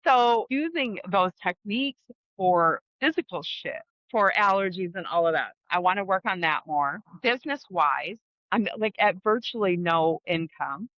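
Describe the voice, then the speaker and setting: A woman's voice: on the low side, lively intonation, measured pace, hardly any pauses, dry recording, lo-fi sound. A middle-aged woman hosting her own vlog, reflecting candidly and casually, with frequent swearing. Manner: casual, frank, swears freely. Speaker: host.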